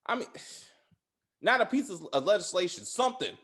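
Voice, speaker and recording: A man hosts a casual spoiler review of a TV episode. His voice sits a little high and swings widely in pitch. He rambles, swears freely and peppers his talk with fillers. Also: moderate pace, breathy edge. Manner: rambling, profane, animated, with frequent "like" fillers. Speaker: show host reviewing TV episodes.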